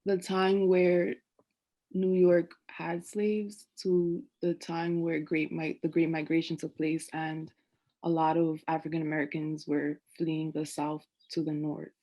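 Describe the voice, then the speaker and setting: A woman's voice: deep voice, little pitch movement, measured pace, dull audio. A young woman student asking questions in an online class, choosing her words with care. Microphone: video call.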